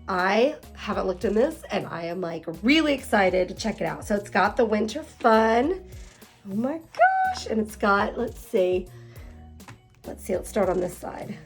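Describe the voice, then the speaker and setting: Gushing woman unboxing planner goodies. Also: medium pitch. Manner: gushing, excitable, full of fillers and exclamations. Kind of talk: casual unboxing chat.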